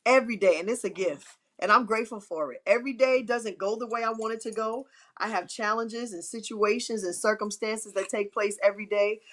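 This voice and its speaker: A woman's voice: mid-range voice, steady tone, a little fast, fairly bright tone. A middle-aged woman hosting a live stream, giving emphatic, repetitive, churchy encouragement. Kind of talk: inspirational live-stream talk.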